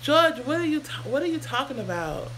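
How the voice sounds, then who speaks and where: A woman's voice: high-pitched, big pitch swings, a little fast, fairly bright tone, slight background noise. A woman, hosting a casual hair livestream while sick and answering viewer comments. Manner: chatty, sidetracked, answers comments aloud. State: sick, sounds under the weather.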